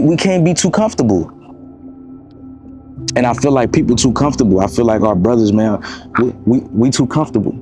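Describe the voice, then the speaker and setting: A man in his twenties from Miami giving a casual motivational talk to camera, preachy and repetitive, calling his listeners bro. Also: mid-range voice. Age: 20s. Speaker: motivational vlogger.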